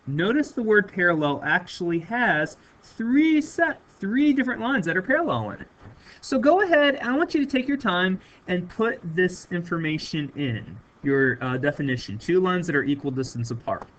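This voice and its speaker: A man's voice: high voice, sing-song, normal speed, fairly bright tone. A man teaching a recorded math lesson, stressing and repeating key words for his students.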